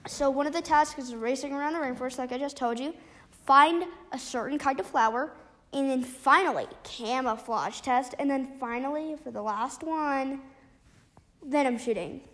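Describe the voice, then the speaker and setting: A woman casually retelling a book's plot, halting often with restarts and fillers. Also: high-pitched, a bit bright. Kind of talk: casual spoken book recap.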